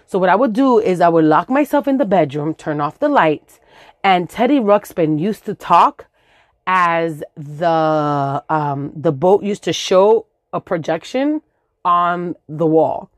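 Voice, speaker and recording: A Dominican woman in her forties tells a comic story, mixing in swearing, sound effects and Spanish words. Her voice sits on the low side with lively intonation and a slightly slow pace. The studio recording is clean, with no room sound.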